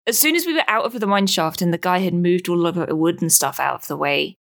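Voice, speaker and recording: A woman co-hosting a podcast, chatting casually and telling stories in a giggly, animated way. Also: fairly low pitch, fast, creaky. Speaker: podcast co-host. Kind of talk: casual chat.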